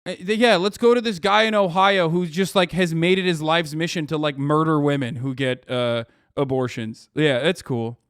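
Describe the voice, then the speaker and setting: A man in his thirties rants about politics to a live audience, sarcastic and profane, with frequent swearing. His voice sits high for a man. The sound is dry and close to the mic, with no room reverb. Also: steady tone, moderate pace, few pauses, a bit bright, smooth. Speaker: streamer reacting to news clips. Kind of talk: ranting political commentary.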